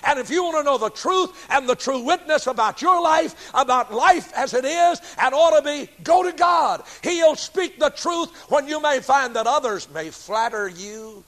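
High-voiced man preaching a sermon. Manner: emphatic, swings from loud declarations to low asides.

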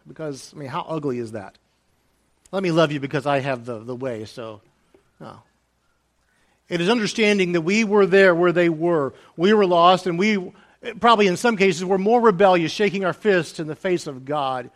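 A male pastor delivers a sermon in a voice pitched a little above most men's. He drops to soft, almost hushed phrases, then lifts into raised, emphatic lines. He repeats key phrases to drive them home. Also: animated, normal speed.

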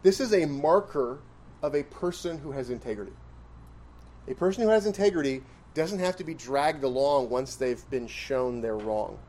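A man's voice: mid-range voice, lively intonation, moderate pace, a little mellow, slight background noise. A man preaching an expository sermon in a conversational style, questioning his listeners and pressing points with emphatic rises. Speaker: pastor.

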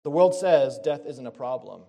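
A man's voice: on the high side, moderate pace, mellow. A man preaching a sermon in an earnest way, reading scripture aloud and correcting himself as he goes. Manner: earnest, reads scripture aloud and rephrases himself mid-sentence.

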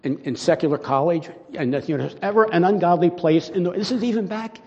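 A man's voice: high-pitched, fast, darkish tone. Older man preaching in an echoing hall. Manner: rambling, conversational, acts out little dialogues. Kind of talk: informal sermon. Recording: dull sound with long hall reverb.

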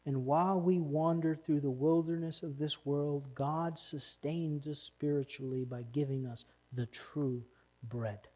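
Man, pastor delivering a church sermon; emphatic, slightly higher voice. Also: steady tone, unhurried. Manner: emphatic, rising to loud stresses.

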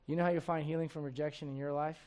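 Animated, folksy man preaching a sermon. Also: a little high, racing, clean tone. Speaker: pastor.

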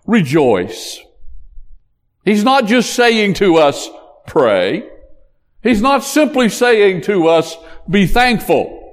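Man, pastor, sermon, unhurried delivery, emphatic cadence, long church reverb. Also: high-pitched. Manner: emphatic, preacherly cadence that rises on key points.

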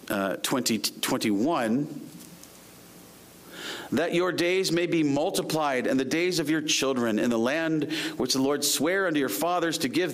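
A man preaching a sermon, reading scripture slowly and rising to emphatic urging. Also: fairly high pitch, fairly bright tone. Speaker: pastor.

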